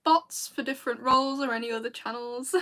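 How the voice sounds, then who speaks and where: A woman's voice: a little high, steady tone, fairly quick, pushed and bright. A British woman chatting casually with viewers on a livestream, rambling and laughing often. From Britain. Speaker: video creator and streamer.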